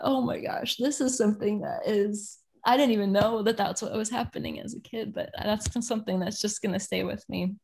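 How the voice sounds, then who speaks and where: A woman in children's ministry hosts a workshop over a video call. She talks casually and chattily, with plenty of fillers as she tells stories and explains tasks. Her voice comes through a computer microphone. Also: medium pitch. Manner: chatty, warm storytelling with many fillers. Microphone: computer mic on a video call.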